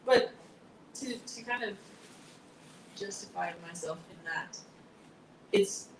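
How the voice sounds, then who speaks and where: A woman singer-songwriter as an interview guest, talking softly and thoughtfully, sometimes almost whispering. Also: medium pitch, slow, recorded from a distance. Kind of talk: casual interview chat. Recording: echoey room from off-mic, noisy background.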